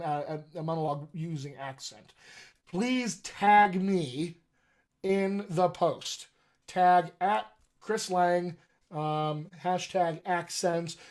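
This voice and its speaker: A man talking as a dialect coach on a casual live stream, his voice sitting a little high for a man. He rambles easily, leans on ums and uhs, and repeats his requests to the group. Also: darkish tone. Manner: chatty, many ums, pleading repetitions.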